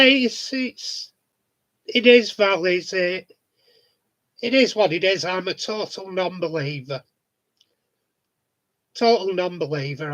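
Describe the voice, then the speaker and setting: A man's voice: high-pitched, bright, forceful tone, poor audio. A man in a casual monologue vlog, talking bluntly, swearing freely and chuckling often. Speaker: vlogger.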